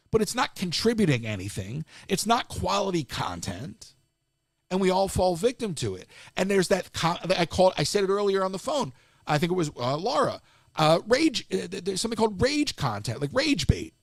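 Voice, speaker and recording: A man's voice: high-pitched, very animated, fairly quick, gravelly, no room sound, clean studio sound. A man hosting a live stream, ranting casually in an exasperated way and restarting his sentences often.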